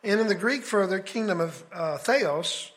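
Male Bible teacher, high-pitched, casual and conversational, walks through his points step by step. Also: lively intonation, moderate pace, a bit bright. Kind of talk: casual scripture study lecture.

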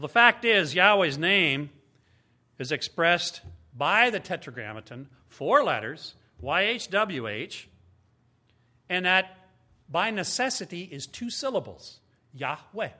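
A man's voice: fairly high pitch, bright, forceful tone. A man giving a teaching sermon as a Bible teacher, speaking emphatically and explaining step by step with rhetorical questions.

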